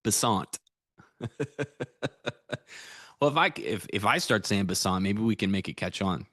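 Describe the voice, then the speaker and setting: A man's voice: on the low side, lively intonation, fairly quick, pushed and bright, dry recording, studio quality. An American man reviewing his trades on a casual livestream, rambling and easygoing as he chats with viewers. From United States. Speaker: futures trader streaming live.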